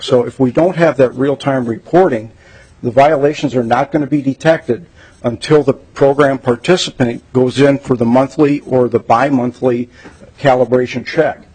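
A man, a state traffic safety director, giving measured formal testimony at a legislative hearing with frequent pauses and fillers. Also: medium pitch, a little mellow, breathy edge, rough recording.

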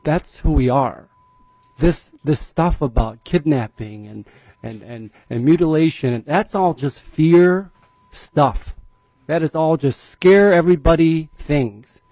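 A man's voice: a little high, warm tone, no room sound, rough recording. A man testifying as a parent at a legislative hearing, earnest and emotional, often repeating himself as he speaks. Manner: earnest, emotional, halting repetitions. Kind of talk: public testimony.

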